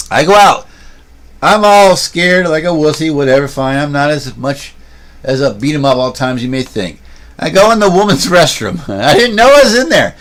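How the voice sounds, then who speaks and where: Rambling man chatting on a livestream. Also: mid-range voice. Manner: chatty storyteller, rambles with restarts and asides. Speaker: streamer and vlogger. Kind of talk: casual rambling livestream talk. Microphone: handheld camera.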